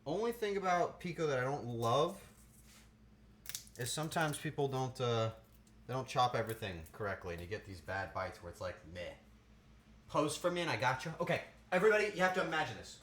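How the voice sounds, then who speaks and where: A man's voice: medium pitch, lively intonation, fairly quick, fairly bright tone. A man cooking on a live stream, chatting playfully and answering his chat as he goes. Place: home kitchen. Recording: roomy kitchen with faint noise.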